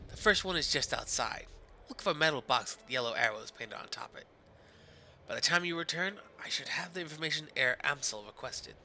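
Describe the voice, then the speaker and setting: A man voicing a sly, polite Turkish shopkeeper who talks in a formal, smooth, mock-courteous way. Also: a little high, animated, brisk, sharp tone, a little hiss or hum, exaggerated voice, rough recording.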